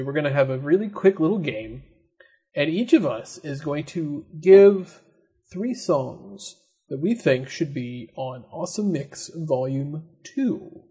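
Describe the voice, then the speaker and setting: A man hosting a casual podcast, upbeat and jokey, with quick asides. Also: a little high, big pitch swings, warm tone, husky. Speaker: podcast host.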